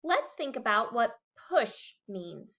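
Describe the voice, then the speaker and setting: A woman's voice: a little high, slow pace. A woman teacher giving a recorded reading lesson for young children, acting out words as she goes. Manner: animated, acts out words. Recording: dull lo-fi recording.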